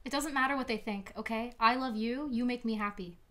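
A young woman playing a girlfriend in a student parody film, speaking softly and reassuringly. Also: fairly high pitch, a little fast. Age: young adult. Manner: soft, affectionate, reassuring.

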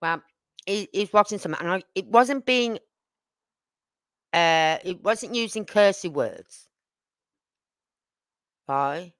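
This older woman's voice is fairly low and fairly bright, animated but slow, with frequent pauses on a dry recording. As host of a casual livestream, she wanders through family stories, peppering them with asides and tag questions put straight to her viewers.

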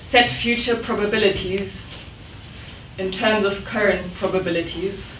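A woman's voice: mid-range voice, a little slow, fairly bright tone, a little hiss or hum. A woman poet giving a live reading in a rhythmic, dramatic manner with sudden outbursts. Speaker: poet reading her work. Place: event room. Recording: echoey room, mic at a distance.

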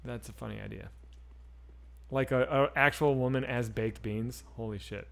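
His voice is mid-range, gravelly, and a bit bright, with a steady tone at normal speed. In his forties, he streams a game and chats loosely with viewers, swearing as he goes.

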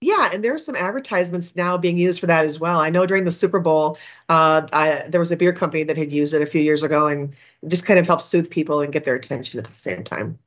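A woman's voice: deep voice, fast, lo-fi sound. A woman from Minnesota hosting an interview, chatty and rambling with frequent restarts. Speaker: podcast host. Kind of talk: podcast interview.

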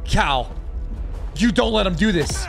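A young man yelling and cursing through a let's play, his voice very high and bright. He has a gravelly edge and drawls his words slowly between outbursts. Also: lively intonation, faint music behind. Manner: loud, swearing, frustrated outbursts. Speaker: gaming YouTuber.

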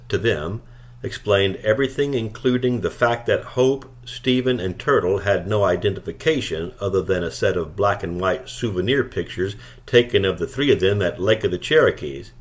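A man narrating a novel chapter aloud in a calm, steady storytelling manner. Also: lowish voice, normal speed. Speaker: audiobook reader. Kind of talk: scripted narration.

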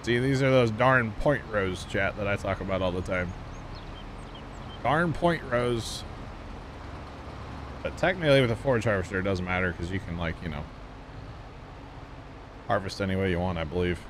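This gaming streamer talks briskly in a low voice, rambling to his chat with plenty of fillers while he plays. He has a Midwestern accent, and the background is noisy.

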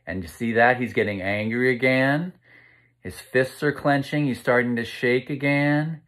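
A man reading a picture book aloud to children, asking them gentle questions as he goes. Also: medium pitch, unhurried. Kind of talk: interactive read-aloud.

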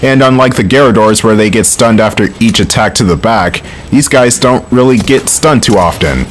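A man's voice: fairly low pitch, slight background noise. A man commenting on his gameplay in a casual, wry way, swearing often, recording from home. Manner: wry, swears often, quick bursts of frustration. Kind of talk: casual let's play commentary.

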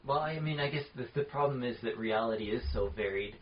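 A man's voice: mid-range voice, fast talker. A man co-hosting a podcast in casual chat, often restarting his sentences and laughing. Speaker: podcast co-host. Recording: dull lo-fi podcast audio with faint noise.

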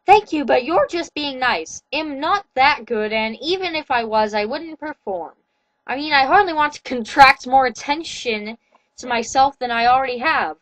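A woman's voice: high voice, lively intonation, moderate pace, fairly bright tone, no echo, rough recording. Woman voicing a melodramatic goth teen girl. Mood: sulky. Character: moody gothic teen girl heroine.

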